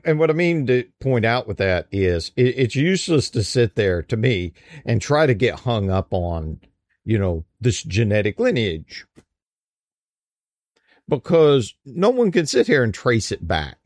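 A man's voice: mid-range voice, no echo. An American man giving a casual opinion monologue, emphatic and rambling, with frequent restarts. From United States.

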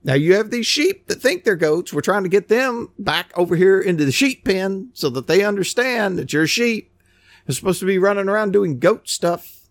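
A man delivers a fiery, mocking sermon, his voice swinging widely in pitch. It sits a little high for a man. The sound is dry and close, with no room around it. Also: moderate pace, dry recording. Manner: animated, scornful preaching with mocking quoted voices. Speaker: preacher.

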